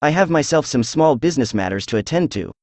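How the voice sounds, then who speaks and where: Synthetic man reading a calm, witty detective. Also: a little high, quick pace, no room sound, lightly acted. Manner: flat synthetic delivery. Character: calm, witty male detective, middle-aged.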